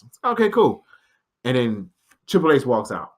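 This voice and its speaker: Animated male wrestling guest storyteller. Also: mid-range voice, fairly quick. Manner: animated, acts out quoted dialogue in changing voices; relaxed, laughs often. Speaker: podcast guest, pro wrestler. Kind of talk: casual storytelling chat.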